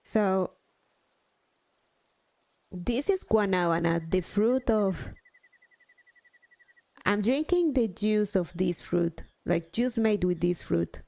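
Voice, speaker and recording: A young woman chats casually on a live stream in an unhurried, drawn-out way. Her talk is loose and self-mocking, with a swear word here and there. Her voice sits at an ordinary middle pitch. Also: lively intonation, creaky, mellow. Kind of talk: casual chat while gaming.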